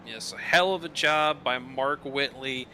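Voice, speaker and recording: A man giving steady, analytical co-commentary on an online truck race. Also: mid-range voice, a little slow, a little hiss or hum. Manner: steady, analytical calling of positions and points. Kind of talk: sim racing color commentary.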